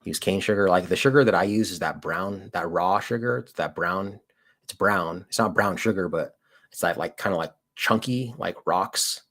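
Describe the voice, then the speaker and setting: A man's voice: deep voice, moderate pace, a bit bright. A man hosting a livestream, chatting casually with viewers in a rambling, slangy way, full of "dude" and "like". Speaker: livestream host and auditor. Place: lives in Colorado.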